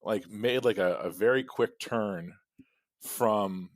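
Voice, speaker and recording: Male podcast co-host, low-pitched, animated, profane rambler, dry close sound. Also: slow pace, dry recording. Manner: rambling, profane storytelling with frequent laughs. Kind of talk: casual chat.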